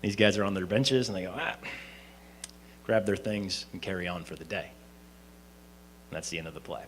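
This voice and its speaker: At a university event hall, a man gives an informal closing speech for a student team presentation. His voice is low, a bit bright, and a little fast, and his talk is conversational, with frequent fillers and restarts. Slight background noise is audible.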